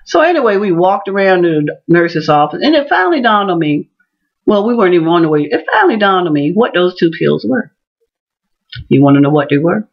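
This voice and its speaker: Woman vlogger, lively storyteller who acts out every voice, muffled lo-fi sound. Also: fairly low pitch, brisk. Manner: animated, acts out voices in her stories. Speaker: teacher and vlogger. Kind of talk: casual storytelling vlog.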